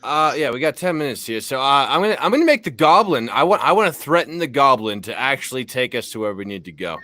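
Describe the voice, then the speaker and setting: A man's voice: mid-range voice, very animated, fast talker, pushed and bright, dry recording, studio quality. A man playing a tabletop game, brash and crude, often repeating himself. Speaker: player. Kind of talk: casual tabletop game play.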